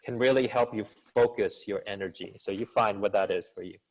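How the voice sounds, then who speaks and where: A business school professor who also coaches communication fields questions during an online seminar held on a video call. His style is expressive and actorly, with energetic coaching and plenty of rhetorical questions. His voice is lowish, his pace fairly quick, and the recording rough.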